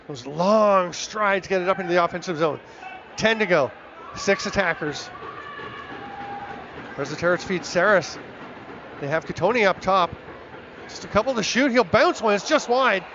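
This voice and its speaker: A high-voiced man calls lacrosse play-by-play, quick and excitable as the action builds. The broadcast sound is a little muffled, with a faint hiss underneath. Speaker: play-by-play commentator.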